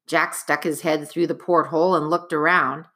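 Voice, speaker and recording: A woman narrating a chapter book aloud in an expressive, dramatic storytelling manner. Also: low-pitched, moderate pace.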